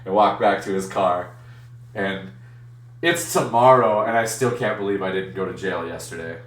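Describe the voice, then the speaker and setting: A man's voice: low voice, moderate pace, reverberant, distant mic. A man hosting a live stream, telling a story casually and acting out the voices of the people in it. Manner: animated, acts out other voices in his story. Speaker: streamer and card-break host.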